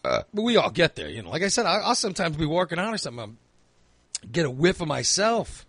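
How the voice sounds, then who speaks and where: Guy ranting funny gross stories, husky kinda high voice, dead dry sound. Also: brisk, no echo. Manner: animated, acts out quoted lines in a raised voice. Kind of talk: crude comedic storytelling chat.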